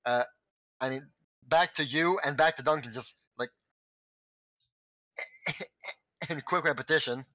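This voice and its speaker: Brief: a slow, bright-voiced game master who stumbles and restarts, recorded dry and close. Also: male voice, a little high, dry recording, poor audio. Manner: halting, many restarts, chuckling between lines. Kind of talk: narrating a tabletop game.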